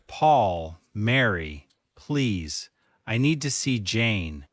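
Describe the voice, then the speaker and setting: A man playing a remorseful young husband after a drunk-driving crash, in a slow scripted learner's story, pleading and desperate. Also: lowish voice, big pitch swings, no room sound, heavily acted. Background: faint music.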